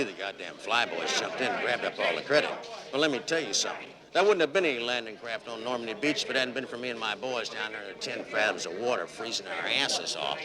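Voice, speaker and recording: An actor playing a boastful middle-aged crook who spins profane war stories, with a loud crowd around him. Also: male voice, mid-range voice, natural voice. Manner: bragging, profane storytelling. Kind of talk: 1970s film acting.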